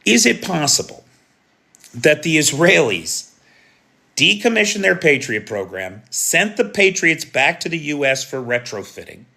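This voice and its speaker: An American man delivers live news commentary, talking it through in a casual, opinionated way. His voice is bright and forward, and he keeps checking in with rhetorical questions. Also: a little high, gravelly. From United States. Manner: conversational, opinionated, frequent rhetorical "right?".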